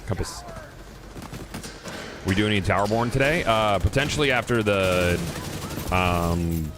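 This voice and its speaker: A man's voice: on the low side, a little slow, noisy background. A man streaming a video game, chatting casually and swearing in loose, rambling talk with restarts at a desk microphone. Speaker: gaming streamer. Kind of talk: casual livestream chat while gaming.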